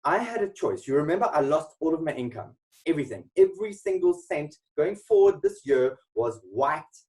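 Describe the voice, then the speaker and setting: A man's voice: a little high, darkish tone, recorded from a distance, poor audio. A man giving an emphatic motivational webinar talk full of rhetorical questions. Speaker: motivational speaker. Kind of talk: webinar presentation.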